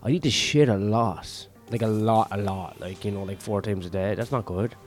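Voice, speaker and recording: A man with a fairly low voice rambles through a casual, foul-mouthed rant, peppered with fillers and restarts. He sounds sweaty and worn out, and faint music plays behind him. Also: moderate pace. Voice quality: profane, ranting and rambling, many fillers. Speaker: vlogger.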